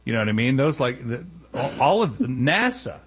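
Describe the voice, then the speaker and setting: A man's voice: medium pitch, very animated, moderate pace, breathy edge. A man co-hosting a talk radio show, speaking in a rambling, hesitant way. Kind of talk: casual talk radio banter.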